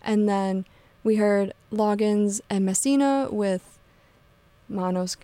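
A young woman hosts a college radio show from a radio studio, talking loosely and chattily with lots of fillers and "like"s. Her medium-pitched voice is mellow and slow, and there is no echo.

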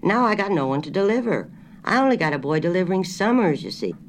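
Storybook grocer, man, curt and suspicious, a reader puts him on, lively, up-and-down voice. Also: mid-range voice, fast talker, a little hiss or hum, pitched above the performer's own voice. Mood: firm. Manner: firm, clipped rural speech.

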